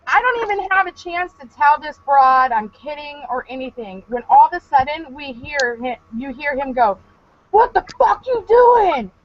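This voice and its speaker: High-voiced woman telling a wild story. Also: normal speed, hardly any pauses, a little hiss or hum. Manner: animated, profane, laughs a lot. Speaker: podcast co-host. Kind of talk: casual comedic storytelling. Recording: dull lo-fi podcast audio.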